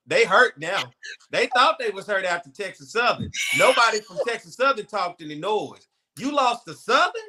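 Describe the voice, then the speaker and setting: A man's voice: sits high, very animated, moderate pace, sharp tone. A man co-hosting a sports call-in show, boastfully trash-talking a rival team in profane banter. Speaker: co-host.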